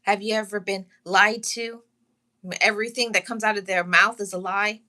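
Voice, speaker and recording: Bright-voiced woman, tearful heartfelt testimony. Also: medium pitch, steady tone. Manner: heartfelt, repetitive, pausing and restarting, greets live chat. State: holding back tears. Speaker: channel host sharing her story. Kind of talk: emotional personal testimony to viewers.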